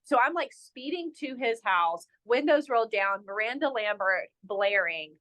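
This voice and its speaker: A young woman from North Carolina, a resort general manager, tells a story as a podcast guest in an animated, self-mocking way and fills her talk with "like.". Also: on the high side, unhurried. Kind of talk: casual interview storytelling.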